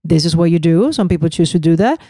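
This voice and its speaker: A middle-aged woman co-hosting a podcast in casual chat, animated and defensive as she tells her side. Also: fairly low pitch, dry recording. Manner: animated storyteller, defensive, quick. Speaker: podcast co-host.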